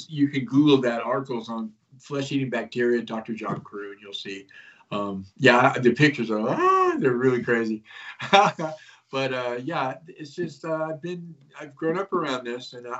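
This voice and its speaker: A man's voice: mid-range voice, expressive, normal speed, fairly bright tone. Rambling man on dull lo-fi audio. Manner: rambling, filler-heavy, conspiratorial. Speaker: guest, host of his own show. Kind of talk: casual interview storytelling.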